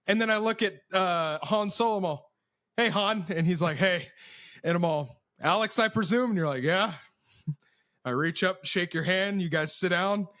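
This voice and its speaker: A young man with a notably high voice, cursing freely as he tells animated stories on a podcast. The sound is dry and close-miked, and he acts out every quoted line. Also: normal speed, no room sound. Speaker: podcast co-host. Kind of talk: casual storytelling chat.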